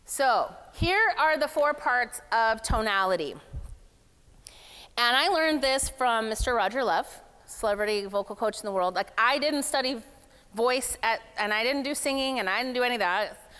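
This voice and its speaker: A woman giving a lively, playful workshop talk at a summit, speaking casually to a live room. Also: fairly high pitch, normal speed, clean tone. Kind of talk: energetic motivational workshop talk. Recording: long hall reverb.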